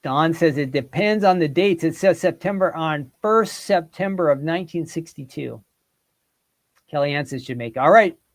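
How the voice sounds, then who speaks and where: A man with a somewhat high-pitched voice hosts a relaxed quiz for his livestream viewers. He talks in an animated way, reads out their comments and guesses, and keeps the chat involved. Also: normal speed. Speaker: host. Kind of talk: casual quiz with live chat.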